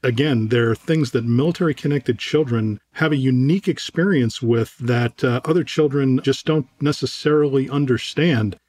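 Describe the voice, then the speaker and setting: A middle-aged man hosting an interview, speaking in a measured, sincere way. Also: medium pitch, a little mellow. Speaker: interview host, CEO. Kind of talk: interview question.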